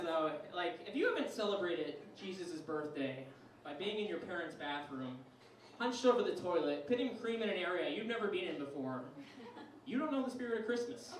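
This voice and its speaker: A young man with a Canadian accent, originally from Ireland, performing a self-deprecating stand-up comedy set with animated storytelling. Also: high voice, distant mic, background noise. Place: comedy club stage. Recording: echoey room, audience laughter.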